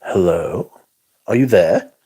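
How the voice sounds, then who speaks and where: A man's voice: low-pitched, lively intonation, slow pace, dark tone, slightly rough. Chuckling man chatting on a livestream. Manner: rambling, chuckling, swears freely. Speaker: livestream host. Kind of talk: casual chat reading viewer comments.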